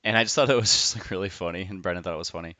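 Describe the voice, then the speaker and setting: Deep-voiced, bright, crisp podcast host. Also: male voice, racing, no room sound. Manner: loose, enthusiastic, swears freely, rambling asides. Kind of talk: casual podcast intro monologue.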